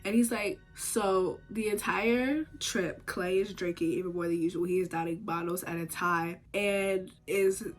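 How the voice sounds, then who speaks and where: A woman's voice: on the low side, unhurried, few pauses, faint music behind. Chatty young woman recapping a cartoon. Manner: chatty, rambling, animated retelling; slangy asides. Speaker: TV show reviewer. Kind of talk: casual episode recap. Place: home, recording while doing makeup.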